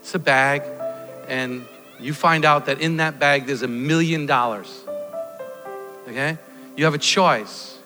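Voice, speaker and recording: A man preaching a sermon in a church hall in an animated way, at times rising to shouts. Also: a little high, unhurried, long pauses. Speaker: pastor. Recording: long hall reverb, faint music.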